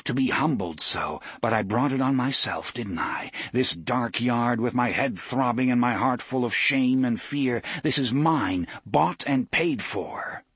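A man voicing a proud, shamed young male hero in an audiobook, speaking in a low, measured, sombre way. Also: a bit bright, breathy edge, dry recording. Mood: brooding.

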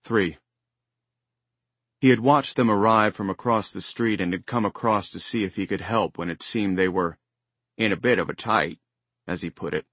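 With a low voice and a steady, measured pace, a man narrates an audiobook from a script. The recording is close and dry, with a studio feel.

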